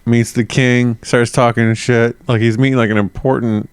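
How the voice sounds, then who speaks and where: A man's voice: medium pitch, little pitch movement, normal speed, clear, resonant tone, dry recording. Joking, profane podcast co-host man. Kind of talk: casual comedic chat.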